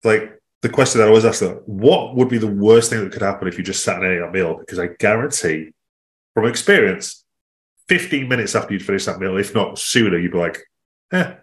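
A man, a fitness coach co-hosting a podcast, talking in a casual, animated way. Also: brisk. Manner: animated, jumps in pitch for emphasis.

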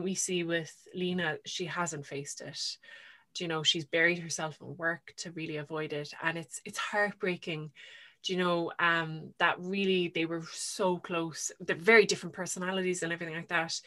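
A chatty woman co-hosting a casual book podcast. Her voice is lowish for a woman, with a bright, forward tone. She retells stories eagerly, full of fillers along the way. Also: steady tone, moderate pace. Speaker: podcast co-host.

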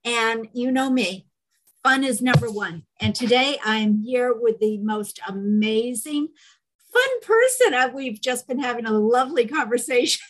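A woman's voice: a little high, lively intonation, measured pace, fairly bright tone. A woman hosting a podcast, introducing her guest in a gushing, enthusiastic way. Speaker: podcast host. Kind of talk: casual podcast interview.

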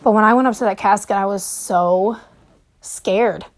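Nervous, hesitant woman telling her story. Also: mid-range voice. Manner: hesitant, with frequent pauses and fillers. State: nervous and short of breath. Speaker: podcast host. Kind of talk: personal storytelling monologue.

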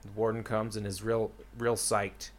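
A young man with a fairly low voice and a level tone retells the plot of a book at a moderate pace. It's casual chat, rambling and loaded with fillers like "like" and "uh."

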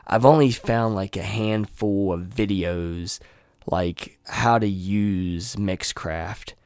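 A man's voice: on the low side, takes it slowly, darkish tone, smooth, no echo, clean studio sound. A young man in a home room, chatting loosely to his viewers on a desktop mic and swearing freely. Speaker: vlogger. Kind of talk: casual rambling talk to viewers. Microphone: USB desktop mic.

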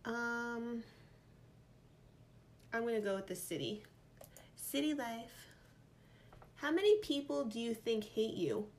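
A woman's voice: on the high side, expressive, measured pace, long pauses. A woman with a New York accent, vlogging in casual chat, reading out quiz options and thinking aloud playfully. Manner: chatty, playful, reads options aloud and muses.

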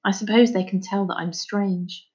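A woman's voice: mid-range voice, fairly even intonation, normal speed, darkish tone, muffled recording, close to an everyday voice. A woman reading aloud voices a sensitive, lonely young boy who asks eager, pleading questions. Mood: wondering.

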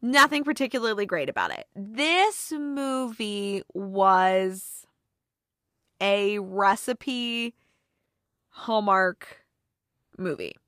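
A woman with a bright, crisp voice chats casually about holiday movies. She gushes and gets emotional, scattering fillers as she goes, and her voice sounds dry and close, with no room around it. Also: mid-range voice, animated, extremely slow, pauses often, no room sound. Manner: gushing and emotional, with many fillers. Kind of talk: casual chat.

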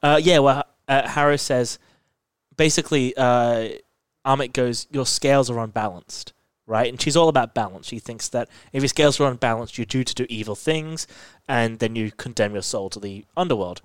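A man in casual chat, retelling a TV episode in a rambling, animated way, full of "like" and restarts. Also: mid-range voice, moderate pace, smooth, no echo, clean studio sound.

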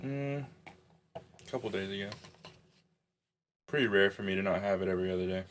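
A man co-hosting a casual podcast drinking game, laid-back and given to loud laughter. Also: low voice, a little fast, a little hiss or hum. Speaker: podcast co-host. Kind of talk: drunken casual chat.

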